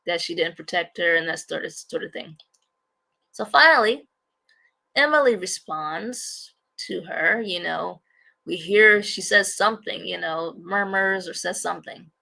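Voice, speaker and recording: A woman's voice: on the low side, a little slow, vocal fry, pushed and bright. A woman hosting a casual livestream, rambling and repeating herself as she talks to viewers. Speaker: livestream host.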